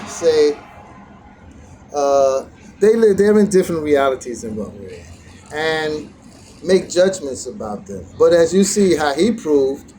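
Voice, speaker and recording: A man's voice: on the high side, dark tone, slight background noise, low-quality recording. A man vlogging outdoors, telling a meandering reflective story as part of a daily teaching, with frequent restarts and bursts of animation when he retells being challenged.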